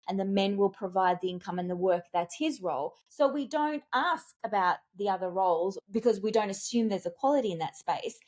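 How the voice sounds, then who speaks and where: A woman speaking as a communications expert and executive coach in a podcast interview, telling stories in an animated, emphatic way with big leaps in pitch. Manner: animated, emphatic storytelling with wide pitch jumps.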